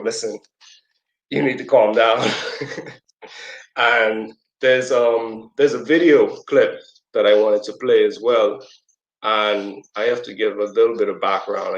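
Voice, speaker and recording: Conversational man in a roomy space. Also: lo-fi sound. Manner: conversational, loose, with fillers and asides; acts out quoted voices in a high squeaky pitch. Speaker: speaker at a community presentation. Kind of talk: casual teaching talk with storytelling. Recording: roomy echo.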